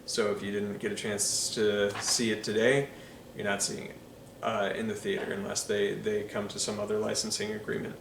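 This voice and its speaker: A man's voice: fairly low pitch, flat delivery, normal speed, creaky, roomy sound, distant mic, noisy background. A man giving enthusiastic, casual movie commentary, full of ums and uhs. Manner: enthusiastic, filler-heavy with frequent ums and uhs. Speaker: film reviewer.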